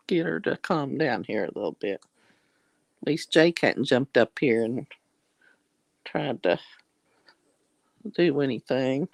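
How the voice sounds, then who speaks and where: A woman's voice: very deep voice, expressive, slow, creaky, long pauses, dry recording. A woman with a Southern US accent chatting casually with viewers on a livestream, folksy and affectionate, calling people honey and blessing their hearts. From Southern United States. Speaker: livestream host.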